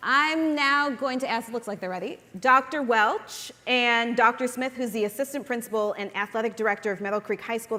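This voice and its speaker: A woman serving as mistress of ceremonies, introducing speakers in a brisk, polished announcer's manner. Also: on the high side, pushed and bright. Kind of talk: event announcing. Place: large church auditorium. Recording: echoey hall with faint room noise.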